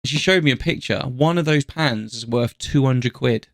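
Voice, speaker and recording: A man co-hosting a podcast, telling a relaxed story and swearing casually. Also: medium pitch, moderate pace, creaky, no echo, studio quality. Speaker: podcast co-host. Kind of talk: casual chat.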